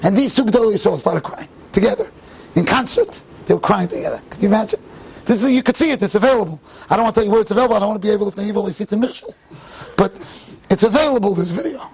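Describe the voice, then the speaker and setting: Rabbi at a tribute event: a man with a high, husky voice, animated and full of restarts. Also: racing. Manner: animated, restarts often, mixes Hebrew and Yiddish phrases. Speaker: rabbi speaker. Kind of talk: tribute speech with storytelling. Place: event hall.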